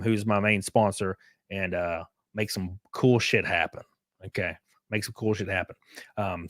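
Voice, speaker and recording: A man's voice: medium pitch, no echo, studio quality. A man hosting a casual livestream, rambling with many fillers and reading chat messages aloud. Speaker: streamer and host.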